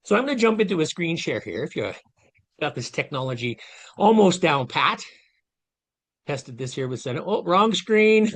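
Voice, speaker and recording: A man's voice: fairly high pitch, very animated, normal speed, pauses often. A man in his late fifties giving a motivational talk over a video call, earnest and conversational as he speaks straight to his audience. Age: 50s. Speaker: guest speaker giving a masterclass.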